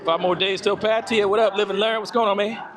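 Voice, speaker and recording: A man's voice: high voice, steady tone, fairly quick, a crowd in the background. Laid-back man chatting on a walking livestream. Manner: laid-back, greets chat viewers by name. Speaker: live-stream vlogger. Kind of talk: casual live-stream chat while walking. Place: outdoors on a walk.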